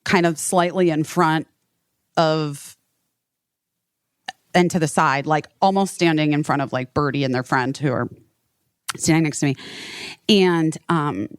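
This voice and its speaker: A woman's voice: sits low, measured pace, long pauses, dry recording, clean studio sound. A woman hosting a podcast in casual chat, rambling with lots of fillers and frequent swearing. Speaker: podcast host.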